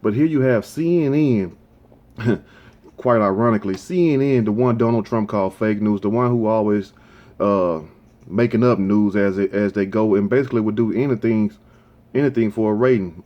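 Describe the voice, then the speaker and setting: A man's voice: lowish voice, normal speed, muffled recording. A man hosting his own show, giving rambling, opinionated commentary in a casual, conversational way. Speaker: show host.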